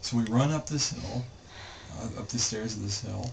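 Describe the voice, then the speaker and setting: Young man, lively storyteller, recorded from across the room with a noisy background. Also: medium pitch, normal speed, vocal fry. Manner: animated storyteller acting out others' lines. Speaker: mission trip member recounting the day. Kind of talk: casual storytelling vlog recap. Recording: distant camera mic with background noise.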